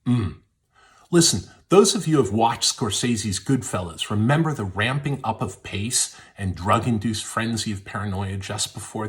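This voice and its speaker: Man, scripted narration, fairly low voice, dramatic, hushed at times. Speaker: literary scholar and podcast contributor.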